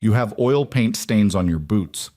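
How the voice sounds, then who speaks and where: A man doing a calm, commanding CEO. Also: dry recording, studio quality. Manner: low, controlled and unhurried. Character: commanding male CEO alpha, calm and possessive.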